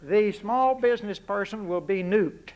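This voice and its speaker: This is a man in his sixties with a strong Texan accent and a notably high voice. He delivers a public address in a folksy, punchy way. He leans on plain, blunt rhetorical questions throughout. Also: measured pace, a little mellow, muffled recording. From Texas. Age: 60s. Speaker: public speaker. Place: university lecture hall.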